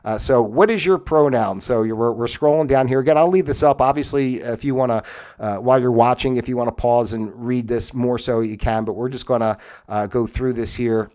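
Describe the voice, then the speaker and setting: A man's voice: medium pitch, fairly quick, a little mellow. A man hosting a livestream, reading aloud from a web page and rambling in casual, incredulous asides. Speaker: livestream host. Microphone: webcam setup, moves on and off camera.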